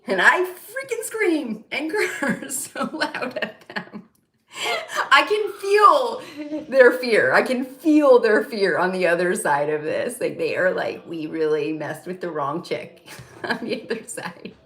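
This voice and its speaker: Woman, New Jersey accent, casual monologue, lively pitch swings, echoey room. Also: takes it slowly. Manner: animated, laughs often, swears loudly. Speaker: psychic channel host.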